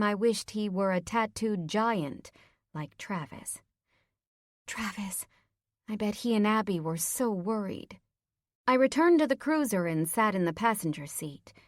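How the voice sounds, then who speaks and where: Woman, audiobook narrator, first-person romance, expressive, mid-pitched, dry close mic. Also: unhurried, no echo.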